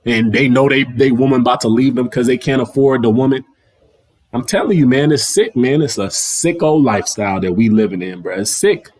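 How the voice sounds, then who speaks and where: A young adult man hosting a livestream, talking in a loose, slangy rant that keeps circling back over the same points. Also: mid-range voice. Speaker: livestream host. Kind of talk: casual ranting monologue. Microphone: livestream mic.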